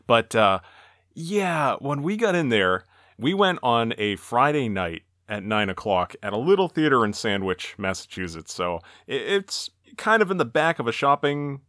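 A man's voice: mid-range voice, big pitch swings, moderate pace, fairly bright tone, no echo, clean studio sound. A man co-hosting a podcast, telling a story in casual chat and chuckling as he goes. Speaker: podcast co-host.

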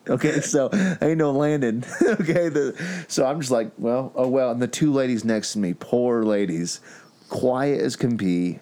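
A man's voice: medium pitch, moderate pace. A young man on a podcast, telling a story in casual chat and acting out what other people said. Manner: animated storyteller, acts out other people's lines. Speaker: podcast host.

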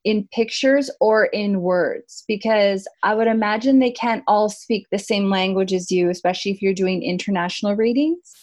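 A woman's voice: medium pitch, normal speed, a little mellow. A woman podcast host asks her guest questions. Her delivery is upbeat and encouraging, and she moves the conversation along with friendly prompts. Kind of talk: interview questions.

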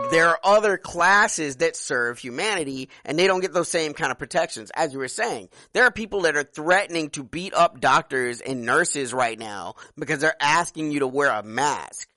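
An animated man holding forth in a casual political chat, emphatic and loose with profanity. His voice comes through bright and forceful. It sounds dry and close, with no room around it. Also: on the high side, no echo. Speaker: podcast co-host.

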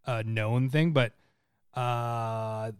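A man's voice: medium pitch, fairly even intonation, extremely slow, clean tone, no room sound, studio quality. A man co-hosting a podcast in casual chat, rambling and often breaking into laughter. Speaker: podcast co-host.

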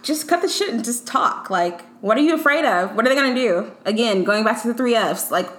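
A woman's voice: on the high side, lively intonation, a little fast, a bit bright. A young woman co-hosting a podcast, talking bluntly with dry humor in casual chat with a friend. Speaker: podcast co-host. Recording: echoey room.

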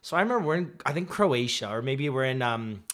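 A man's voice: medium pitch, fast talker. A young man co-hosting a podcast, joking around and playing out both sides of an argument with a friend. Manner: relaxed, joking, acts out friend's lines. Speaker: podcast co-host. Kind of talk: casual storytelling chat.

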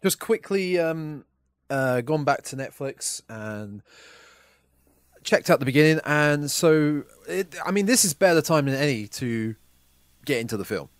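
A man's voice: fairly high pitch, lively intonation, unhurried, no echo. A young man co-hosting a podcast, talking through a film casually and stumbling over names. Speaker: podcast co-host. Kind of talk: casual film review chat.

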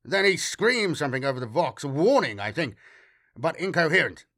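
A man voicing a grim, wary male ship's officer who reports in a low, guarded, matter-of-fact way. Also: sing-song, moderate pace, a bit bright.

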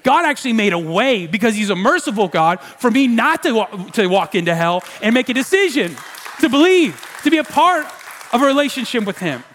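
A man preaching a sermon as pastor, conversational and animated, with pleading asides. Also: very high voice, brisk, some chatter behind.

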